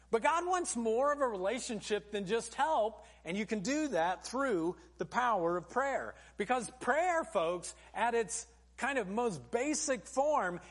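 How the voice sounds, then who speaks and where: Animated high-voiced male preacher. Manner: conversational preaching, addresses audience as folks. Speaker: pastor. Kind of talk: sermon.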